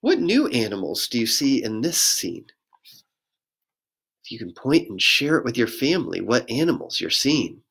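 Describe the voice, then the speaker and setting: A man, a pastor, reading a children's picture book aloud in a gentle sing-song voice and inviting young listeners to join in. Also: mid-range voice, very animated, moderate pace, vocal fry, slightly rough.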